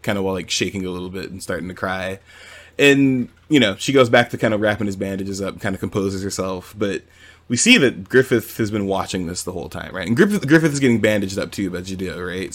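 A man co-hosting a podcast, casually retelling a manga chapter with swearing and acted-out quotes. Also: low voice. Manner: animated storytelling with quoted voices and swearing. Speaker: podcast co-host. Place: home with cats nearby.

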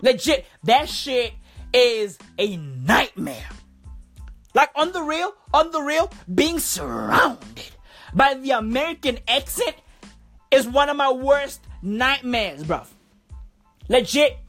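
A woman with a husky voice, doing a profane, slang-heavy comic rant. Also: high voice, takes it slowly, faint music behind. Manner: profane, repetitive, animated slang. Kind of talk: comedic rant monologue.

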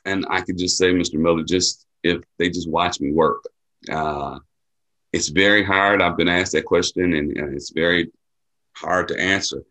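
A man's voice: deep voice, steady tone, normal speed, pushed and bright. A man from Milwaukee, an athletic director and mentor, answering interview questions in an earnest, heartfelt way that often repeats a phrase. He gets emotional as he speaks. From Milwaukee, USA. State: emotional, near tears.

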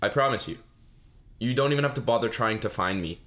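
A man's voice: on the low side, animated, a little fast, fairly bright tone. A young man hosting a solo podcast, telling a funny story in a rambling, self-mocking way with lots of fillers and restarts. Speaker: podcast host.

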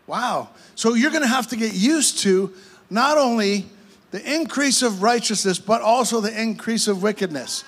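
High-voiced preaching man, fervent. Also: normal speed. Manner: impassioned preaching with repeated phrases and restarts. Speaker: pastor. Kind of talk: sermon.

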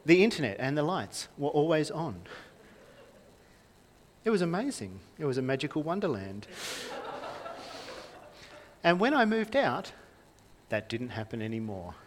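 A man's voice: on the high side, sing-song, unhurried, pauses often, a little hiss or hum. A young man preaching a sermon in a conversational way, often asking the congregation questions. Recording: reverberant hall.

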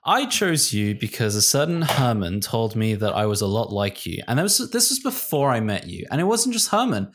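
A man's voice: lowish voice, sing-song, moderate pace, few pauses. A British man co-hosting a casual podcast, rambling, laughing and restarting his sentences. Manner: rambling, laughing, self-interrupting. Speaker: podcast co-host. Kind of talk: casual chat.

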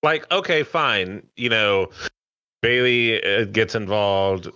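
A man co-hosting a casual wrestling podcast, recapping matches in a loose, lively way. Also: lowish voice, slow, smooth, no echo, lo-fi sound. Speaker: podcast co-host.

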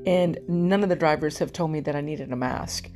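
A woman, a rideshare driver, telling an animated, indignant story to camera from her parked car. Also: low voice, normal speed, music in the background. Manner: animated, indignant, quotes others in acted voices.

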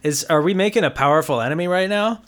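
A man's voice: on the high side, fast talker. A man co-hosting a podcast, casual and sarcastic, blunt and freely profane. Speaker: podcast co-host. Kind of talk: casual chat.

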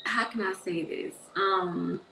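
A woman's voice: medium pitch, steady tone, takes it slowly, gravelly, bright, forceful tone, slight background noise. Woman, 30s, earnest panel speaker on a phone mic, echoey room. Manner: earnest, repeats phrases for emphasis. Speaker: mother and book co-author on a panel. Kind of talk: encouraging panel talk.

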